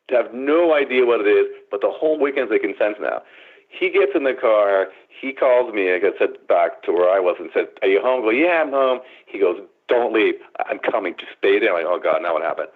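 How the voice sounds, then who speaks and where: A man guest on a radio show, telling his story dramatically over the phone. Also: lowish voice. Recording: tinny phone line.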